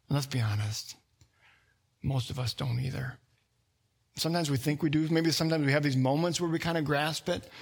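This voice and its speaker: A man preaching a sermon in an animated, conversational way, often acting out quoted voices and restarting phrases. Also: on the high side. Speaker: pastor.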